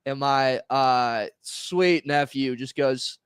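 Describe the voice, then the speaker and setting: A man's voice: a little high, moderate pace, smooth, dry recording, clean studio sound. A man co-hosting a casual podcast, telling family stories and laughing through them. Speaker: podcast co-host. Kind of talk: casual storytelling chat.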